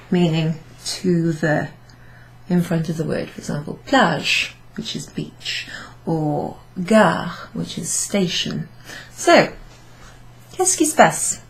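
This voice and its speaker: A woman teacher from Wales walks beginners through a French grammar point. She speaks slowly in a slightly low voice, pausing with ums and asking her listeners questions as she goes. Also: rough recording. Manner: patient, step-by-step explaining with many ums and rhetorical questions. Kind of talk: classroom summary lesson.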